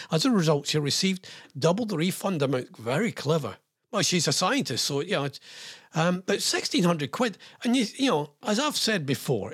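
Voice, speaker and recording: A man's voice: a little high, breathy edge. A man hosting a show, chatting through news stories in a joking, rambling way. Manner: animated, joking, rambling asides. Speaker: radio host. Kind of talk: jokey chat on news stories.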